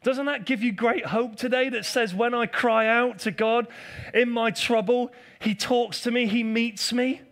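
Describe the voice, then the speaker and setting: High-voiced man preaching emphatically. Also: fairly even intonation, measured pace, a bit bright. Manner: emphatic and repetitive, drilling key phrases; addresses the congregation directly, calls for responses and teases members. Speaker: pastor. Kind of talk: preaching a live sermon. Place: church, before a congregation.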